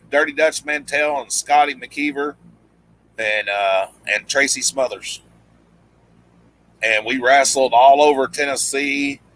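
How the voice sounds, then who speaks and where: A man's voice: mid-range voice, a bit bright, low-quality recording. A man telling a long story in casual chat, rambling with restarts and acting out what others said. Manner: rambling, many restarts, acts out quoted lines. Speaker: guest storyteller, former pro wrestler.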